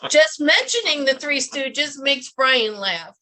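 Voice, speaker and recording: A woman's voice: sits high, expressive, slow, pushed and bright. A woman speaking as a guest on a radio interview, telling stories in an upbeat, chatty way.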